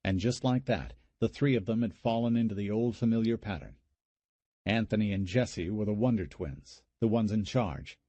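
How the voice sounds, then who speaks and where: A man narrating a horror audiobook in a steady, measured way. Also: on the low side, no room sound. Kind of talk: scripted narration.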